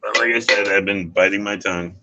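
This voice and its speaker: A man's voice: on the low side, steady tone, a little fast, noisy background. A man, a dishwasher, talking in casual chat, rambling and swearing with lots of "you know" and "like.".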